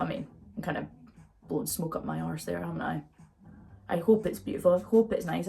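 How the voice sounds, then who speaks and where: Doing her makeup indoors at home, a young vlogger rambles openly through a relaxed get-ready-with-me chat filled with fillers. She has a lowish voice that's gravelly and warm.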